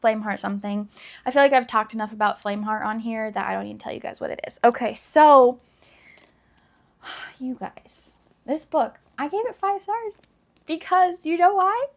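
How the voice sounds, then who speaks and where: A woman's voice: fairly high pitch, animated, normal speed. A woman in her thirties, a book vlogger chatting casually and emotionally, with dramatic emphasis. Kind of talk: casual chat.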